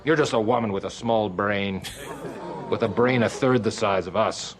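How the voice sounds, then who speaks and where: A man's voice: lowish voice, moderate pace, a crowd in the background, close to an everyday voice. A man voicing a smug, condescending man who lectures with mock authority.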